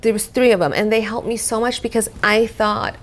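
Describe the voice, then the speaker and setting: A woman's voice: fairly high pitch, fairly even intonation, fairly quick. A young woman hosting a casual podcast about motherhood, speaking to listening mothers directly and reassuring them. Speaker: podcast host. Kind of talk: casual chat.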